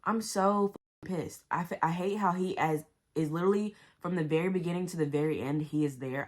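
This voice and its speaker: Woman, low voice, book vlogger, blunt and profane, animated reactions, slangy casual chat. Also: fairly quick, hardly any pauses. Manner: talks to herself and the viewers with slang.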